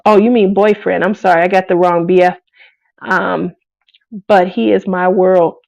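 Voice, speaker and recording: A woman's voice: lowish voice, fairly even intonation, moderate pace, vocal fry, a little mellow, no echo, highs cut off. A woman, hosting a craft live stream in casual chat, playful and laughing often as she reads out comments. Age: 40s. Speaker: craft channel host.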